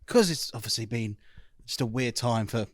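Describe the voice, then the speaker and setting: A man interviewing a band in a relaxed chat, rambling and laughing easily. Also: medium pitch, moderate pace, no room sound.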